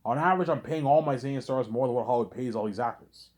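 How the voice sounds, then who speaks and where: A man's voice: medium pitch, fast, a little mellow. A man talking through a rambling, repetitive monologue with a lot of swearing, reenacting conversations as he goes. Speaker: vlogger.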